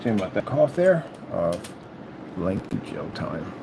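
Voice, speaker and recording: A man's voice: deep voice, big pitch swings, unhurried, gravelly, noisy background. A man delivering a rambling, taunting monologue at a rival, repeating stock phrases and humming to himself as he works through paperwork indoors. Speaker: YouTuber addressing a rival.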